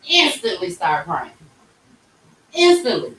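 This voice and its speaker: A woman vlogger telling a personal story in casual, animated talk, acting out the voices of the people in it, recorded in a tattoo shop. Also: mid-range voice, measured pace, long pauses, a little hiss or hum. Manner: animated, acts out quoted voices. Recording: roomy, distant mic, faint ambience.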